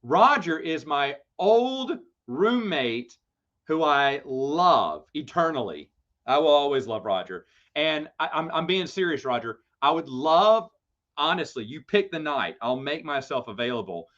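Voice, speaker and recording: A man hosting a live Q&A stream, chatting casually and telling lively, playful stories to viewers. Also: fairly high pitch, a little slow. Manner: animated storytelling, lively and playful. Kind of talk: casual livestream chat. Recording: dull lo-fi stream audio.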